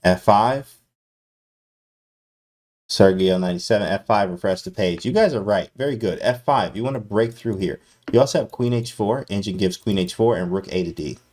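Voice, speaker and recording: A man streams live chess commentary in a slightly low voice. He is slangy and hyped, and he keeps calling out to his chat. His calls mix playful trash talk with explanations of moves. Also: moderate pace, darkish tone.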